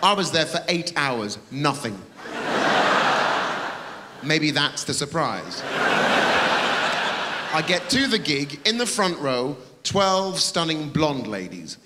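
Animated male comedian working a crowd. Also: on the high side, slow, long pauses, heavy background noise. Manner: animated, teasing, bursts into shouts. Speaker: stand-up comedian. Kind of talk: live stand-up comedy with crowd work. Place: large live comedy venue with audience. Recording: live theatre recording, long reverb, loud crowd.

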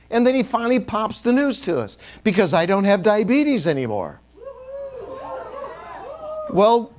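A bishop delivers a sermon in church, his high, lively voice swinging up and down. He jokes with the congregation and gets them to repeat key words back to him.

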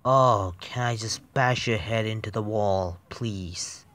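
A frustrated man plays a mobile game and comments on it, swearing nonstop and lurching from muttered whispers to sudden yelps. His voice sits on the low side, with a slow pace and a fairly bright tone.

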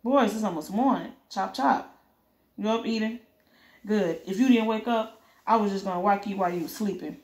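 A woman's voice: mid-range voice, moderate pace, darkish tone, echoey room, natural voice. A woman voicing a ruthless male gang boss who talks in sneering, foul-mouthed threats.

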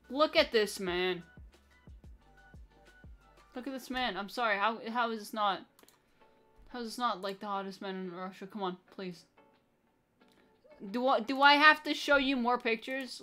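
A woman's voice: fairly high pitch, measured pace, long pauses, bright, forceful tone, soft background music. A woman live streamer chatting casually with her viewers, blunt and profane, with a constant "like" in her speech. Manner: profane, blunt and teasing, with a lot of filler "like".

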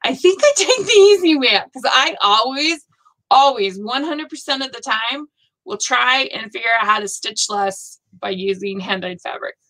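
A woman's voice: a little high, expressive, moderate pace, bright, forceful tone, rough recording. Gushing woman hosting a live stream. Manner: gushing, exclaims often, thinks aloud. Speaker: host of a live stitching show. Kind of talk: casual live-stream chat.

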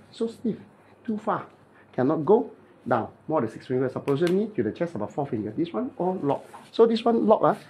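A chiropractic therapist with a Malaysian English accent, instructing a client in clipped, playful phrases during treatment and mimicking cracking sounds. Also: male voice, a little high, highs cut off, a little hiss or hum.

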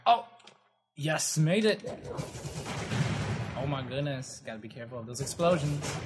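A man at an ordinary mid-range pitch, rambling casually as he plays. He jumps between easygoing remarks and loud, excitable outbursts. A clear layer of background noise runs under his voice. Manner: excitable, loose and rambling, with frequent exclamations. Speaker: gaming channel host. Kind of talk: casual gameplay commentary.

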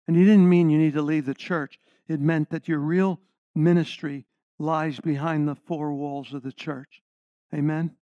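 A man's voice: fairly high pitch, warm tone, no room sound, highs cut off. An older man, a guest preacher, giving an earnest sermon and putting questions to the congregation.

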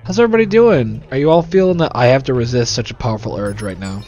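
Profane, animated young man gaming. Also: medium pitch, quick pace, highs cut off, faint music behind. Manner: profane, sarcastic, joking. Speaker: let's play host. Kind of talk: casual gameplay commentary.

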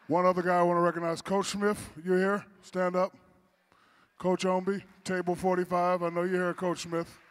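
A man in his forties giving a playful, teasing acceptance speech at an awards dinner in a banquet hall. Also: high voice.

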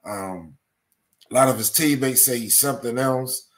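A man hosting a sports history talk show, speaking in a measured way with lots of ums and uhs. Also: mid-range voice. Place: studio or home setup.

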